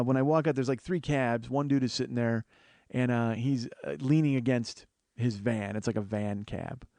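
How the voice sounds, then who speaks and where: A male comedian host telling a profane, self-mocking story in an animated way. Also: medium pitch, no room sound.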